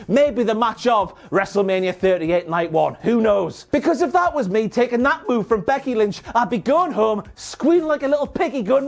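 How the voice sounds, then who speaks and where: A man's voice: high voice, expressive, moderate pace, vocal fry, few pauses. A man hosting a comedic wrestling recap, with cheeky, sweary, mock-outraged banter. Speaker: wrestling show recap host.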